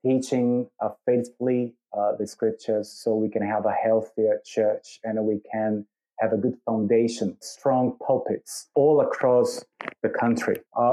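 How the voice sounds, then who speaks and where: A Brazilian man speaking English with a British-tinged accent, answering thoughtfully with many pauses as an interview guest. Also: mid-range voice, mellow, rough recording. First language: Portuguese. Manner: thoughtful, hesitant, with many fillers. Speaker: guest, church leader.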